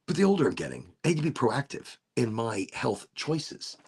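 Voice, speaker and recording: A man's voice: medium pitch, sing-song, normal speed, few pauses, a little mellow, slightly rough. A middle-aged man casually demonstrating a vaporizer on a livestream, playful and prone to silly asides.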